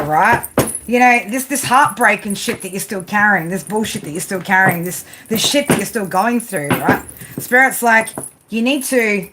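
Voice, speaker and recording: A woman's voice: a little high, a bit bright. A woman doing a tarot reading who scolds her listeners bluntly, swears constantly and keeps tagging her sentences with "right?". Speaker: tarot reader. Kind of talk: profane tarot reading monologue. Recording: home recording with clear background noise.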